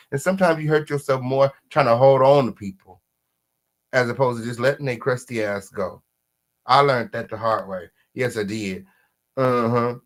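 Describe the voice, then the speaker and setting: A man hosts reaction commentary on a diss track in a sassy, animated manner. His volume swings between loud outbursts and low mutters, and he asks viewers to vote in the chat.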